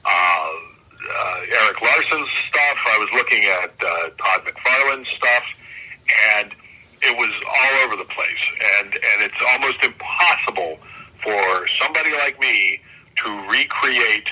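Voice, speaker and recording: A man's voice: medium pitch, a little slow, bright, forceful tone, husky, low-quality recording. An older man, a comic artist guest, talking casually and enthusiastically in an interview, often restarting his sentences. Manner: rambling, self-correcting, enthusiastic.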